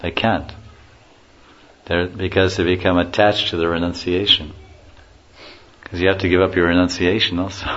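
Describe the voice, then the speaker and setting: Deep-voiced man giving a casual spiritual talk. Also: level tone, moderate pace, long pauses, fairly bright tone. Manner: storytelling, chuckling, acts out quotes. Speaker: spiritual teacher. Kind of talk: informal religious lecture. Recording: muffled lo-fi recording with faint hiss.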